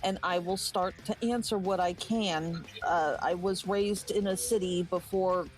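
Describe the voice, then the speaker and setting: A woman playing her tabletop character in a composed, measured, formal way. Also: on the low side, steady tone, faint music behind, low-quality recording. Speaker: player. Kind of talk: in-character play.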